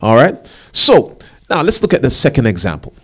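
A male pastor preaching a sermon, animated, with rising emphasis and casual asides. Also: mid-range voice, moderate pace, slightly rough.

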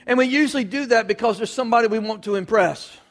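A man's voice: very high-pitched, quick pace. A man preaching a folksy sermon, acting out little scenes in different voices.

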